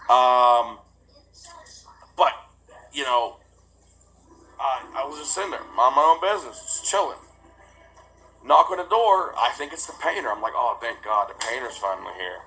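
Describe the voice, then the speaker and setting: A young man talking casually to the camera in a rambling, animated way, acting out the other people in his story. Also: medium pitch, moderate pace, pauses often, faint music behind, rough recording. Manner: rambling, animated retelling with quoted dialogue. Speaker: vlogger. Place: new house with no furniture yet.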